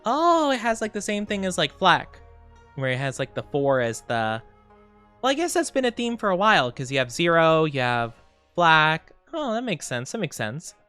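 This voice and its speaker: Streamer rambling to chat, bright smooth voice, faint music behind. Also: medium pitch, sing-song, moderate pace. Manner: rambling, thinking aloud with many fillers. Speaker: live streamer. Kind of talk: casual chat with stream viewers.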